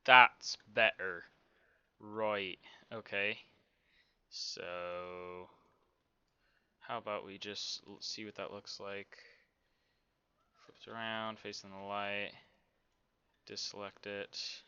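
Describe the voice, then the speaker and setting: A man's voice: fairly low pitch, little pitch movement, extremely slow, pauses often, bright, forceful tone, smooth, muffled recording. A man casually talking through a game development tutorial, rambling to himself with many fillers. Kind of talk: casual screen-recorded tutorial.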